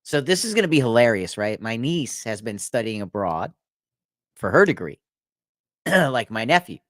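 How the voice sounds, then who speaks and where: A man's voice: medium pitch, very animated, normal speed, a bit bright, no echo, clean studio sound. Rambling man telling stories. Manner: rambling storyteller, laughs at own jokes. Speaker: podcast host. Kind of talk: casual chat.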